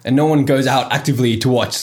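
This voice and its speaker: A young man on a casual podcast, telling an animated story and laughing often. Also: medium pitch, fast talker, a crowd in the background. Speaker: podcast host. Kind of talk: casual chat.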